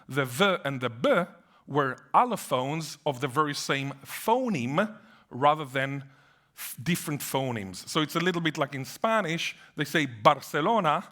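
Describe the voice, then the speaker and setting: Lecturing on linguistics in an animated, academic way, a native Hebrew speaker adds playful asides; his voice sits on the high side and moves at a moderate pace.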